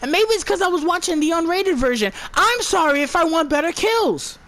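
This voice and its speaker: A woman's voice: extremely high pitch, lively intonation, brisk, fairly bright tone. A woman giving an exasperated, profane movie review, stumbling and restarting her words as she rants.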